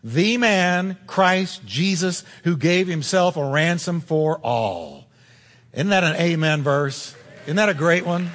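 A man's voice: fairly high pitch, animated, takes it slowly, fairly bright tone. A man preaching a sermon as pastor, emphatic and insistent, addressing the congregation directly. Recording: long hall reverb.

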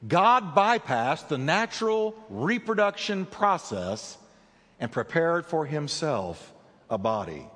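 A man preaching a sermon as pastor, with dramatic delivery that slows down for emphasis. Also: very animated, fairly bright tone, long reverb tail. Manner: dramatic preaching with big swings in pitch and slowed emphasis.

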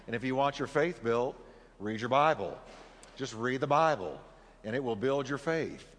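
A man's voice: mid-range voice, expressive, normal speed. Earnest male pastor in a reverberant sanctuary. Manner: earnest, leads congregation in reading and prayer. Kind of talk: sermon.

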